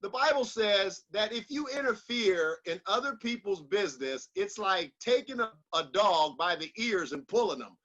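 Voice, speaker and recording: A man's voice: high voice, animated, moderate pace, hardly any pauses, fairly bright tone, muffled recording. A man giving a motivational speech in an emphatic, repetitive, preacher-like delivery. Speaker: motivational speaker.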